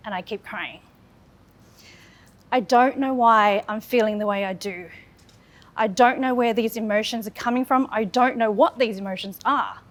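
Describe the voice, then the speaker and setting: Woman in her thirties telling her own story. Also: a little high. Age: 30s. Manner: earnest, candid, with repeated phrases. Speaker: public speaker. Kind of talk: personal storytelling speech.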